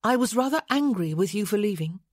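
Woman reading as soft-spoken young widow, gentle n teasing, pitched up high, a bit husky. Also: lively intonation, brisk, no room sound, clean studio sound, lightly acted. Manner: gentle, prodding.

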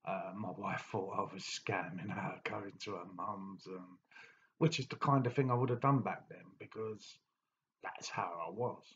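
A man telling his own story in a blunt, plain-spoken diary monologue, halting with many fillers. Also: low voice, steady tone, a bit bright, lo-fi sound, slight background noise. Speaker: diary vlogger.

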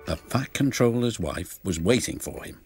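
Brief: male narrator for a children's storybook; expressive, wide-ranging delivery over a music bed. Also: lowish voice, normal speed. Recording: studio narration with music behind.

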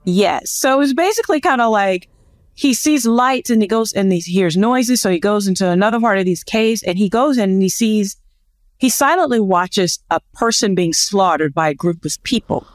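A woman from the United States co-hosts a podcast and tells a story in an easygoing chat. Her pitch moves a lot as she talks, bright with laughter and self-deprecating asides. The voice sounds close and dry, with no room around it. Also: lively intonation, normal speed, dry recording. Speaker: podcast co-host.

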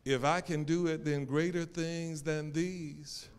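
A male pastor preaching a sermon, swinging between loud calls and hushed, drawn-out lines. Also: fairly high pitch, steady tone, clear, resonant tone. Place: church sanctuary. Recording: reverberant church sanctuary.

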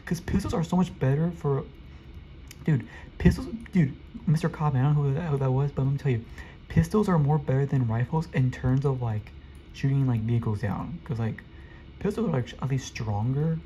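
A man giving excitable live gameplay commentary, talking to his viewers and rattling off rapid repeated urgings. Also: mid-range voice, slight background noise. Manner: chatty, addresses viewers directly. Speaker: gaming video creator.

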